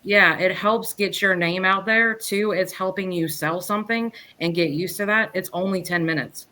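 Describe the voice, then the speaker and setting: A woman guest on a podcast, chatting casually in a rambling, lively way and often restarting her sentences. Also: mid-range voice, moderate pace, a little hiss or hum. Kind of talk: casual chat.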